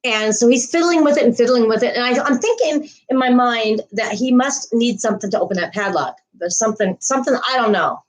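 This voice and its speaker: Woman livestream host with a slightly high voice, chatty and rambling, greets viewers by name. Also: brisk, few pauses, rough recording. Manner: frequent laughs and restarts. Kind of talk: casual livestream chat.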